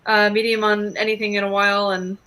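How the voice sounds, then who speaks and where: A woman who is a guest cartoonist in a casual chat, easygoing and quick to laugh. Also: medium pitch, level tone, a crowd in the background.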